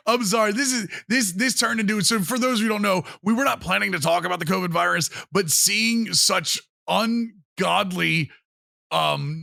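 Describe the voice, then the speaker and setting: A man co-hosting a sports podcast in casual chat, animated and laughing often as he mockingly reads out quotes. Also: sits high, vocal fry, no echo, clean studio sound.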